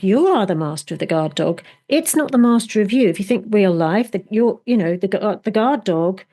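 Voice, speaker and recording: Middle-aged woman, coach, podcast guest, mid-pitched, lively storyteller. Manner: enthusiastic storyteller, acts out inner voices. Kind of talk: conversational interview.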